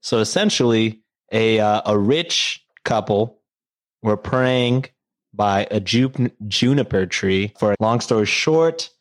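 A man's voice: lowish voice, lively intonation, slow pace. A man casually retelling a story to friends, rambling and profane, full of fillers and jokes.

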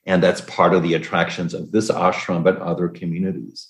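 A man's voice: deep voice, little pitch movement, fairly quick, roomy sound. A man hosting an interview, asking curious, searching questions and sharing his own memories. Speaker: host. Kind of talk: interview conversation.

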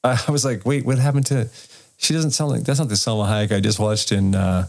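A man's voice: lowish voice, a little fast, vocal fry. A man co-hosting a casual movie review podcast, wry and joking, often restarting his sentences. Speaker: podcast co-host.

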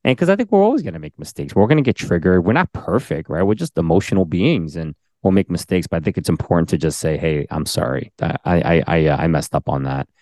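Deep-voiced man giving earnest advice. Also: fast, hardly any pauses, no room sound, studio quality. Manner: relaxed, laughs easily, gives earnest advice. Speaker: podcast co-host. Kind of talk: casual chat.

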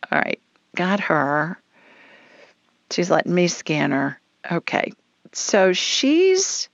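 A woman's voice: low-pitched, creaky, a bit bright, dry recording, muffled recording. A woman hosting a call-in show, talking callers through their problems in a chatty, reassuring, folksy way. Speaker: call-in show host, energy healer.

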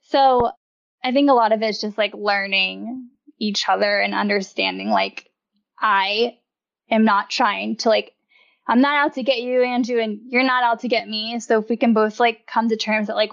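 A woman's voice: on the high side, moderate pace, fairly bright tone. Chatty young woman, slightly muffled. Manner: chatty, laughs often, heavy use of "like". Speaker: podcast guest, wellness writer. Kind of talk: casual interview chat.

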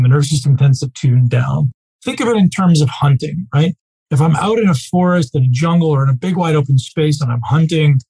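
A man teaching a live group as a coach, speaking casually and emphatically, often checking in with a quick "right?". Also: a little high, warm tone, breathy edge, poor audio.

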